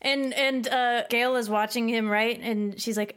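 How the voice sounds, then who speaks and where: A woman's voice: on the high side, fairly even intonation, moderate pace, fairly bright tone. A woman playing a tabletop game, speaking in a playful, teasing way. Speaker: player. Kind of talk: tabletop role-play.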